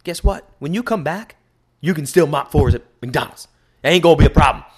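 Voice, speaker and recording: Guy ranting on his own podcast, swears a lot, kinda high voice. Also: a little fast, slightly rough. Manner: profane, rambling and animated. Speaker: podcast host. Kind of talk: solo podcast monologue. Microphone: podcast microphone.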